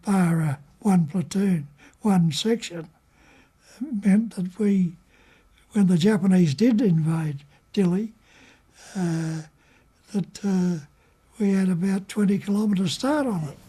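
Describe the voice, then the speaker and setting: An older man with an Australian accent, remembering in an interview and talking in a halting way with many pauses and fillers. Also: high-pitched, mellow, slightly rough. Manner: unhurried, halting, with frequent fillers. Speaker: war veteran interviewee. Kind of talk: reminiscing in an interview.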